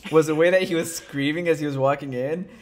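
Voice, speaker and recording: A man co-hosting a casual sports podcast, talking in a relaxed, chatty way and laughing easily. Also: a little high, quick pace. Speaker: podcast co-host.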